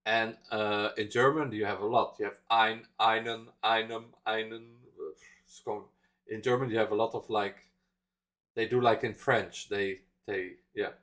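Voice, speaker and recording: A man's voice: on the low side, level tone, measured pace, a bit bright. A man with a Dutch accent chatting casually as a reaction streamer, rambling through explanations with many fillers and chuckles. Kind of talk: casual live reaction chat.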